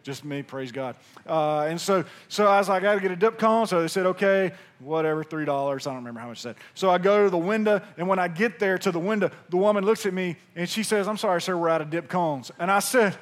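Speaking quickly in a high-pitched voice, this Mississippi pastor from Pearl delivers a sermon full of folksy humor and storytelling, his Southern accent clear throughout.

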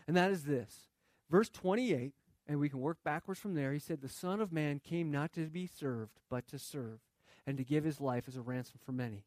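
A man's voice: on the high side, normal speed, a little mellow, no echo, studio quality. A man preaching a sermon in a conversational way, reading scripture and asking rhetorical questions. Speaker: pastor.

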